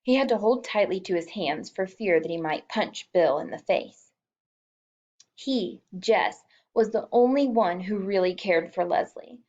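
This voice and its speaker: A woman reads a children's novel aloud in a mid-pitched voice, with feeling and small shifts for each character. The recording sounds a little dull and lo-fi, like a simple home setup. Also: unhurried, a little mellow. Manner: emotive, voices the characters lightly. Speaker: audiobook reader.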